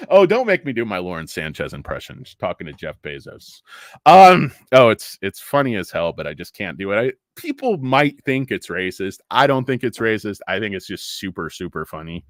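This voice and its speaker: Ranting, animated middle-aged stock host. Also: male voice, fairly low pitch, moderate pace, dry recording, studio quality. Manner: rambling, jokey, profane ranting with tangents. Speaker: stock market show host. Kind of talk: ranting livestream commentary.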